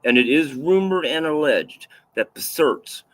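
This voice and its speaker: A man's voice: on the high side, expressive, measured pace, a bit bright. A man casually telling a personal story on camera, rambling and profane, repeating himself for emphasis. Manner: rambling, profane, with restarts and fillers. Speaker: vlogger recounting a personal story.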